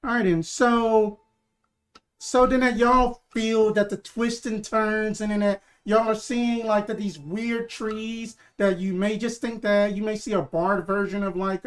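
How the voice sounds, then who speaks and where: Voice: mid-range voice, clean tone. A game master narrating a tabletop game in a loose, rambling way, with lots of fillers and restarts and easy jokes with the players. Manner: easygoing, joking with players.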